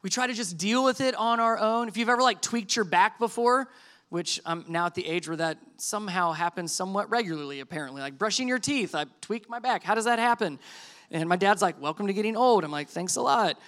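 A middle-aged male pastor delivers a conversational sermon with a high, bright voice. He slips easily into acting out quoted lines and keeps his tone lively. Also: a little fast. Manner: conversational, animated preaching with quoted dialogue.

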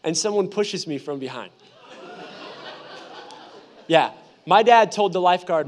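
A young man in his twenties, a pastor giving a lively, humorous sermon full of personal storytelling. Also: high voice, unhurried, long pauses. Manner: animated, humorous, conversational preaching.

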